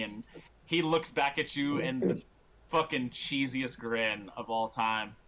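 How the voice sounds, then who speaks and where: A man's voice: mid-range voice, slow, fairly bright tone. A man running a tabletop game as game master, narrating loosely with laughs and swearing.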